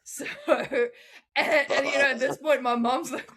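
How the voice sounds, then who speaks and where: Young woman, lively laughing storyteller, fairly high voice. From South Africa. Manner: animated, laughing, quick asides. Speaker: guest, freediver. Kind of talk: casual interview storytelling.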